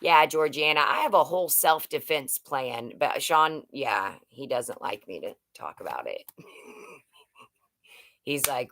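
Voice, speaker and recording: Woman livestream host, middle-aged, low and unhurried, chatty and rambling, answers viewer comments. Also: big pitch swings, fairly bright tone. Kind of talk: casual live chat with viewers.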